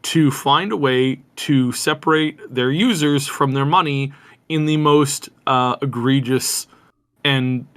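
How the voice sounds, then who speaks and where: Slow and clean-toned, a mid-range, somewhat bright male voice co-hosts a gaming news podcast. He chats casually, restarting often and getting increasingly indignant while rambling.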